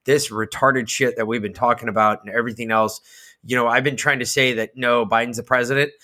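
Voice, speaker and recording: A man co-hosting a podcast, ranting heatedly with lots of swearing and swinging between loud outbursts and slow emphasis. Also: mid-range voice, steady tone. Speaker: podcast co-host. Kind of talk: casual political chat.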